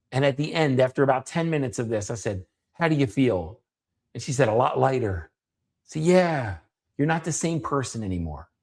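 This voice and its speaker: Earnest higher-voiced man telling a story. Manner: earnest, repetitive, with frequent restarts; swears casually for emphasis. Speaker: coach and podcast host. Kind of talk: casual storytelling monologue.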